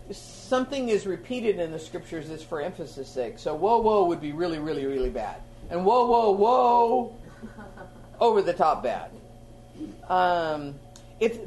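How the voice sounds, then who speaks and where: Preacher, sermon, chatty teaching tone, sudden loud emphasis, middle pitch, faint background noise.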